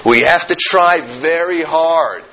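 A man's voice: fairly high pitch, takes it slowly, low-quality recording. A man with an American Yeshivish accent teaching a Torah class, telling stories and pressing his points emphatically. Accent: American English with Yeshivish Hebrew and Yiddish terms. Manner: emphatic, storytelling, rising to animated stress.

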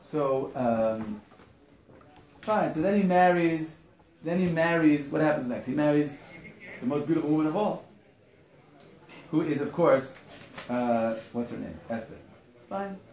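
Animated man teaching a lively class. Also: a little high, a little slow, long pauses, roomy sound, muffled recording. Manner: animated, joking, acts out quotes, many restarts. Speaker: Torah teacher. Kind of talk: lively informal class on the Megillah.

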